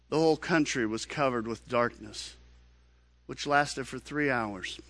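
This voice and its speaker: A pastor preaching a sermon in an earnest, questioning manner, often repeating words. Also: male voice, mid-range voice, a bit bright, no echo.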